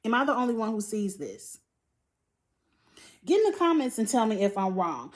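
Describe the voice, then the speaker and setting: A woman's voice: a little high, lively intonation, moderate pace. A woman giving a blunt, profane, exasperated recap of a reality show, sighing and laughing between her points. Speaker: TV show reviewer.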